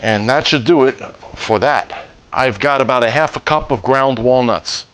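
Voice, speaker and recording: A man hosting a home cooking demonstration, talking through each step in a relaxed, jokey way with the odd pun. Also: medium pitch, moderate pace, a little hiss or hum. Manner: relaxed, jokey, cracks puns. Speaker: cooking show host.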